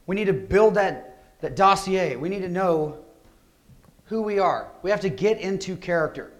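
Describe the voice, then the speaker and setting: A man giving a security conference talk, energetic and conversational, often asking rhetorical questions. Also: high voice, normal speed. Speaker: conference speaker. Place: conference hall.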